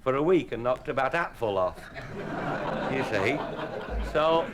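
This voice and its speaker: A man's voice: mid-range voice, lively intonation, takes it slowly, over a noisy crowd. A man telling rambling, bawdy comic anecdotes as an after-dinner speaker, chuckling as he goes. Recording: hissy old live tape recording. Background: audience laughter.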